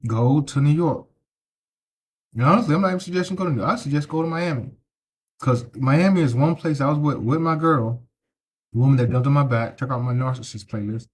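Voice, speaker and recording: Brisk and a bit breathy, a medium-pitched middle-aged man vlogs his travels from the street, speaking into a handheld phone. The casual walking vlog has a preachy tone, with repeated points that he punctuates with "right?"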